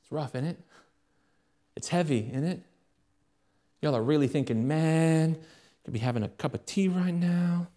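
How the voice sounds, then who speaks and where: A young British man delivers a sermon from the pulpit. His fairly high voice climbs into loud, urgent appeals, then sinks to hushed, rapid asides. He speaks with a pastor's conviction. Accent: British English. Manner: dynamic preaching, swings from loud and high to hushed and quick.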